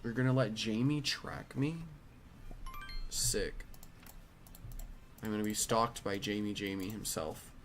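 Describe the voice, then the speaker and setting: A tired young man with a slightly low voice, reading chat questions aloud and answering them in a flat, offhand way. Clear game music plays behind him throughout. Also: slow, long pauses. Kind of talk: casual live-stream chat.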